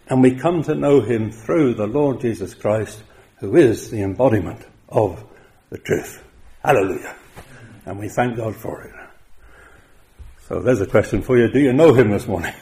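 A man preaching a sermon, with emphatic stresses that rise loud and then drop quiet. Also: lowish voice, normal speed, long pauses.

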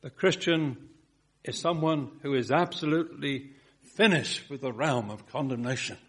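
Husky-voiced preacher, emphatic sermon. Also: male voice, mid-range voice, moderate pace. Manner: emphatic preaching, swelling and dropping to soft repeated phrases.

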